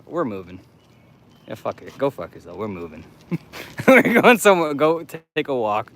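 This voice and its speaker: A man's voice: mid-range voice, huge pitch swings, normal speed, a bit bright. A man chatting loosely while he walks city streets at night on a live stream, rambling, laughing and swearing often. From United States. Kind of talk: casual walking livestream chat.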